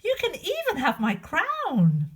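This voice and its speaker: A woman's voice: extremely high pitch, wildly swooping pitch, slow, voice pushed up, exaggerated voice. A woman voicing a spoiled, whiny young princess in a storybook reading, petulant and demanding. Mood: eager. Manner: petulant, demanding, sobbing at times.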